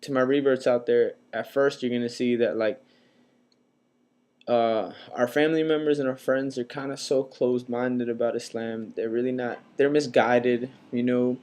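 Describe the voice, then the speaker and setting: A young man in his twenties from the United States, casually telling a personal story to his vlog audience in a relaxed, rambling way, with many fillers. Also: medium pitch, normal speed. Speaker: vlogger.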